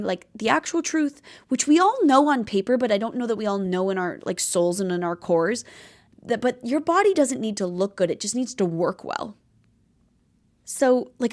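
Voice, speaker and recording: A young woman hosting a podcast, talking in a casual, heartfelt and rambling way, with lots of filler words. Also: mid-range voice. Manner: earnest, rambling, filler-heavy, tearful at times. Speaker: podcast host.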